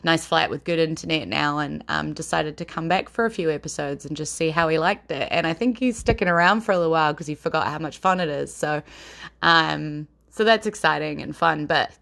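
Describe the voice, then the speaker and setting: Woman, New Zealand accent, podcast host; low, gravelly, chatty and rambling. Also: a bit bright. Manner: chatty and rambling, quick to laugh. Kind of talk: casual chat.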